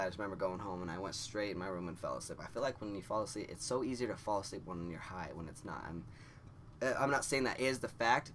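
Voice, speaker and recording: A young man with a somewhat low, slightly bright voice vlogs casually. He tells a rambling story packed with fillers, acting out the quotes and laughing along the way.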